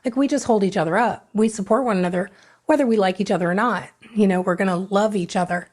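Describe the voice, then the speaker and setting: A woman's voice: mid-range voice, fast, darkish tone. Candid middle-aged woman telling her recovery story. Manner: frank, emotional, re-enacts her own past words. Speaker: podcast guest.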